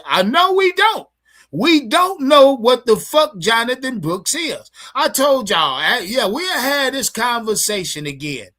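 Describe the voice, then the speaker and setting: A man with a very high-pitched voice, very animated and a little slow, with a bright, forceful tone, rants to his livestream chat about his football team. The sports fan streamer swears and keeps repeating himself in his heated tirade.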